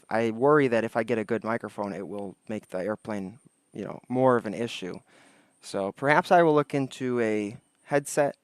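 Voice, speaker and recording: On a desk microphone in studio quality with no echo, a man with a smooth, medium-pitched voice hosts a casual livestream outdoors. Chatting with viewers, he rambles, greets chat and thinks aloud.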